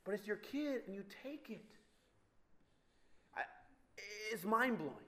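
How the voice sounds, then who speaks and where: A man giving a humorous storytelling talk to an audience, animated and acting out the voices of the people in his stories. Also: high voice, measured pace. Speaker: speaker addressing an audience.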